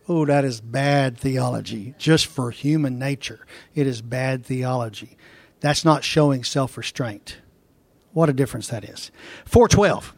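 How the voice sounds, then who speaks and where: A man pastor preaching a sermon, telling folksy stories and slowing down to read scripture verse by verse. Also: fairly high pitch, no echo.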